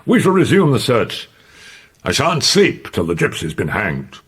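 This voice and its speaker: A man's voice: medium pitch, huge pitch swings, unhurried, breathy edge, voice pushed up, full character voice. A man voicing an impatient, commanding officer who barks his orders. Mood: stern. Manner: barking, raised voice. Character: gruff commanding male provost, impatient.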